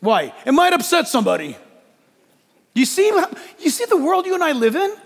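A male pastor preaching a lively sermon in church, joking and acting out quotes as he goes. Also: extremely high pitch, normal speed, big-room sound. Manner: animated preaching with jokes and acted-out quotes.

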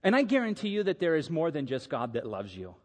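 Animated middle-aged pastor preaching. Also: male voice, on the high side, quick pace, big-room sound. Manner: animated storytelling, acting out quotes. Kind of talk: sermon.

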